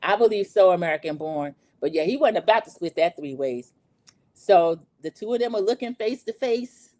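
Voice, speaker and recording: A woman hosting a podcast, recapping a TV show in a chatty, animated way and talking straight to her listeners. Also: lowish voice, normal speed, dry recording. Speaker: podcast host. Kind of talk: casual TV recap chat.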